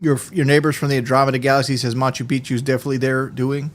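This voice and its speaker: A man's voice: mid-range voice, level tone, very fast. A man streaming a game, chatting casually in a rambling, profane way and often laughing. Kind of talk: casual livestream chat.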